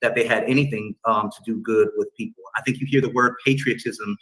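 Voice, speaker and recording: Man, bright tone, calm deliberate delivery, formal wording, debate clip. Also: fairly low pitch, poor audio. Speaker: debate guest. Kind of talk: measured debate speech in a played clip.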